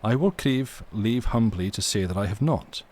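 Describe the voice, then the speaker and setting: A man voicing a blunt, sharp-tongued ship's mate. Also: lowish voice, expressive, moderate pace. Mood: wry.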